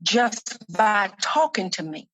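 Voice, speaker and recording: A woman minister and activist sharing her personal testimony in a podcast interview, speaking earnestly and slowly, often repeating herself as she gathers her thoughts. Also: medium pitch, very animated, a bit bright, no echo.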